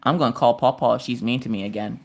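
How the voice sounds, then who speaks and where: Blunt young girl, stubborn, flat matter-of-fact delivery, lowered voice, put on by a woman. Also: fast.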